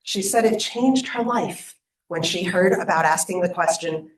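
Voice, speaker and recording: A woman delivers a prepared conference speech in an earnest, rallying way. Her voice sits somewhat low. The sound is roomy and a little distant, as if caught from across a hall. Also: measured pace. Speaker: nonprofit program leader giving opening remarks. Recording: echoey room, voice from a distance.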